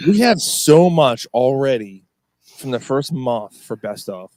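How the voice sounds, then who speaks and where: A man's voice: mid-range voice, sing-song, measured pace, a little mellow. A man co-hosting a podcast, telling stories in a rambling way with lots of fillers and swearing. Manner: rambling storyteller, swears often, many fillers. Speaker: podcast co-host. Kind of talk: casual pub-style chat.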